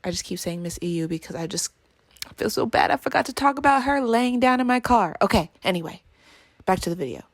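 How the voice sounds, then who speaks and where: A woman's voice: medium pitch, expressive, brisk, slight background noise. A young woman vlogger talking to camera in a chatty, gushing, apologetic way. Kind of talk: casual talk to camera.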